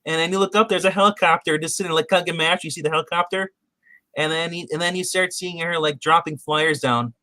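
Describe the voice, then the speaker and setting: Rambling high-voiced man recapping a show. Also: steady tone, quick pace, sharp tone, no echo. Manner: rambling, many restarts and acted-out quotes. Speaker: podcast co-host. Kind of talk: casual TV episode recap chat.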